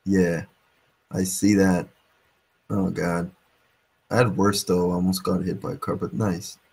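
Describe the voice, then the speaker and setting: A man's voice: deep voice, little pitch movement, a little slow, creaky, darkish tone, slightly rough. A man in his twenties in casual group talk, rambling about abstract ideas and tripping over repeated words. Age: 20s.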